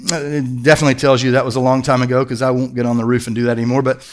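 A man's voice: medium pitch, level tone, very fast. A middle-aged male pastor preaching a sermon in an earnest, conversational storytelling manner.

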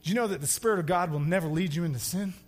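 High-voiced man preaching with big swings. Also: racing. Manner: dynamic preaching, swinging from loud urgent calls to hushed intimate lines. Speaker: pastor. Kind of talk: sermon. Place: church sanctuary.

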